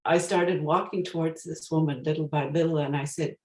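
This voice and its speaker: A woman's voice: low voice, steady tone, brisk, hardly any pauses, darkish tone, roomy sound, rough recording. A woman giving a storytelling talk as a guest speaker, reflective and searching for her words as she goes.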